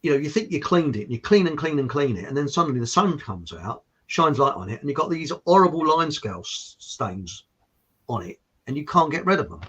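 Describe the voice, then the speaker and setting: A man's voice: fairly high pitch, sing-song, brisk, a bit bright, slightly rough, highs cut off. A man from Hertfordshire with an estuary English accent, hosting a casual chat show and rambling cheerfully. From Hertfordshire, England. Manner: chatty, rambling, laughing often. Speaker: host.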